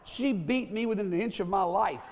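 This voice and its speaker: An older male pastor, in his late sixties, delivers a folksy sermon in a tenor that sits notably high. His words hang in the long reverb of a church sanctuary. He repeats his main points and checks in with the congregation as he goes. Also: moderate pace, creaky, darkish tone, highs cut off, slight background noise. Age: 60s.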